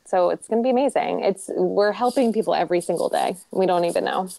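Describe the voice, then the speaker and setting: A woman's voice: fairly low pitch, quick pace, vocal fry, warm tone, no room sound. A woman on a livestream panel, telling a story in an earnest, rambling way. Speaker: panel guest. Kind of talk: casual livestream chat.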